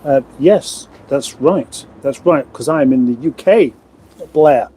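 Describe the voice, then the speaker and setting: A man's voice: medium pitch, measured pace, dark tone, slight background noise. A middle-aged man from England hosting a casual livestream from his lockup garage, chatting and reading out viewer comments with self-mocking, rambling asides. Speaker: livestream host. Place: lockup garage in front of a fridge.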